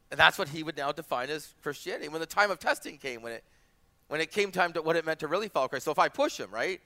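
Male pastor, 40s, bright and somewhat high voice, conversational sermon with rhetorical asides. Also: expressive, quick pace.

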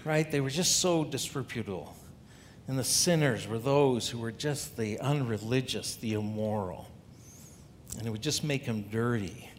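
A man preaching a sermon as a pastor, talking through scripture in a conversational way and asking the congregation rhetorical questions. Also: measured pace. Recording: long hall reverb, faint rumble.

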